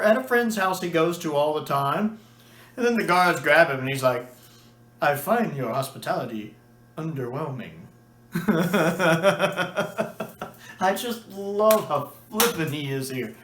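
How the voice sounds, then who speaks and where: In an echoey room, a man with a high-pitched, somewhat bright voice chats casually as a video reviewer. He's enthusiastic, acts out quoted lines, and has a few restarts and fillers.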